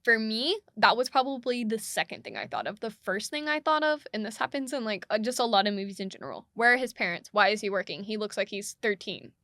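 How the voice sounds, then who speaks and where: A woman's voice: medium pitch, lively intonation, quick pace, few pauses, sharp tone, no room sound, clean studio sound. A woman co-hosting a podcast, discussing a film in a casual, analytical way, asking questions with frequent fillers. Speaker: podcast co-host.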